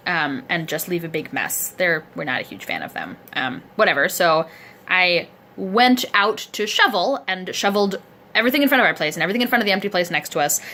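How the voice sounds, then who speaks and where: Woman vlogger, bright voice, a bit low, rambling chatty diary delivery, sounds sore and achy. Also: animated, a little fast. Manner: chatty, rambling, self-deprecating. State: sore and aching. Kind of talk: casual video diary. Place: indoors at a friend's home, seated in a chair. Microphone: camera close to the face.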